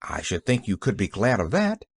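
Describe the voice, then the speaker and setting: A man's voice: fairly low pitch, huge pitch swings, moderate pace, husky, no room sound, clean studio sound, pitched below the performer's own voice, heavily acted. A man voicing a cheerful, talkative little girl who chatters eagerly in an audiobook reading.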